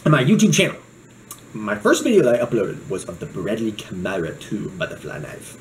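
Goofy, animated young man rambling. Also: lowish voice, brisk, background noise. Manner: goofy, joking, drifts off on tangents. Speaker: knife reviewer. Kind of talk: casual rambling vlog.

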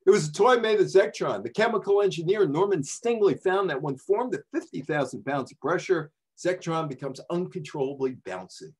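Husky-voiced older man telling sports stories. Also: a little high, fairly quick, few pauses. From New York area. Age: 70s. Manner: chatty, digressive, anecdotal. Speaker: sports journalist giving a talk. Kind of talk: casual storytelling talk.

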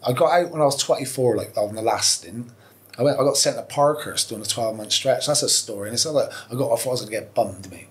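A man's voice: mid-range voice, fast talker. Blunt, rambling man in his forties. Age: 40s. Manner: candid, blunt and profane, rambling with restarts. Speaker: podcast guest. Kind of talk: casual interview storytelling.

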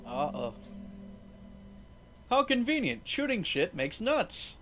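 A man's voice: high-pitched, wildly swooping pitch, takes it slowly, a bit bright, a little hiss or hum, rough recording. Sarcastic, foul-mouthed gamer guy. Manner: sarcastic, profane. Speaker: let's play host. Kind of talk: gameplay commentary.

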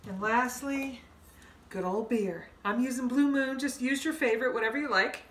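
A woman's voice: a little high, moderate pace, a bit bright, slight background noise. Chatty woman host in an echoey kitchen. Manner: chatty, folksy, talks through each step. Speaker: home cooking show host. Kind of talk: casual cooking demonstration. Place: home kitchen. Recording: echoey kitchen, mic a bit far off.

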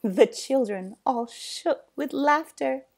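A woman reading a children's storybook aloud, expressive, with loud sound effects. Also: sits high, slow pace, creaky.

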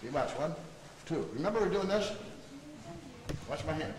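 A man with a slightly high voice and lively intonation speaks at normal speed while teaching a seminar, demonstrating martial arts technique and coaching his students. He's heard from afar through a camera mic in an echoey, noisy training hall.

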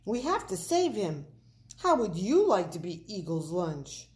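A woman's voice: medium pitch, very animated, a little slow, a little mellow. Pipsqueak, a woman voicing an earnest young prairie dog. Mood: pleading. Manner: earnest, urgent pleading. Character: young male prairie dog, worried peacemaker. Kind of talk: storybook read-aloud.

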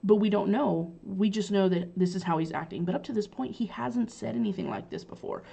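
A woman's voice: medium pitch, expressive, a little fast, vocal fry, mellow, breathy edge. A woman teacher casually recapping a play for her students, chatty and loose with lots of fillers. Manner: chatty, paraphrasing lines loosely with many fillers. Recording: dull lo-fi recording.

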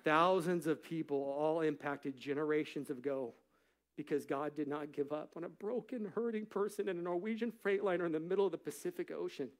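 A man's voice: fairly high pitch, brisk. A middle-aged male pastor delivering a sermon in a church, telling a story and building to emphatic peaks. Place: church sanctuary.

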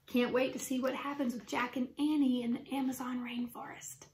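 A woman teacher reading a children's book aloud with lively, expressive storytelling. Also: high-pitched, moderate pace, slight background noise. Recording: roomy echo.

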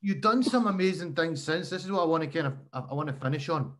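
Relaxed male podcast host. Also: on the high side, quick pace. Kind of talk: casual interview.

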